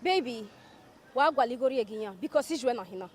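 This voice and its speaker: A woman's voice: on the high side, expressive, brisk, dry recording. A greedy, giggly Nigerian girlfriend. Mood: pleading. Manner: coaxing, giggly, mixes pidgin. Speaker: girlfriend asking for money.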